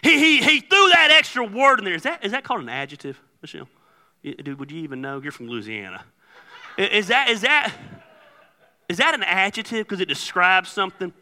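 Male pastor, storytelling sermon, bursts of shouting, long hall reverb. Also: sits high, brisk. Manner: joking storyteller, animated with sudden loud outbursts. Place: church sanctuary.

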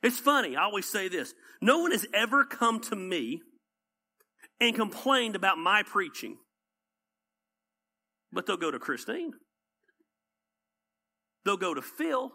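A man's voice: sits high, bright, forceful tone. A man with a Southern accent preaching a conversational sermon as pastor. He tells stories with energy and repeats his points for emphasis.

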